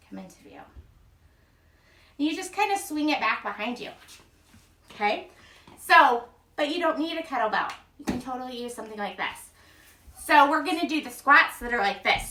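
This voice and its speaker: A mom with a high-pitched, sharp-toned voice chats cheerfully while leading a casual home workout and counting reps aloud. The recording comes from an echoey room, her voice heard from afar.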